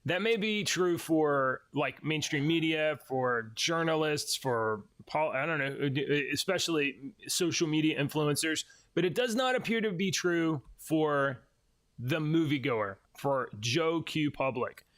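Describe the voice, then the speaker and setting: A man's voice: a little high, measured pace, a bit bright. A man co-hosting a casual podcast chat, hedging and arguing his points with many restarts. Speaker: podcast co-host.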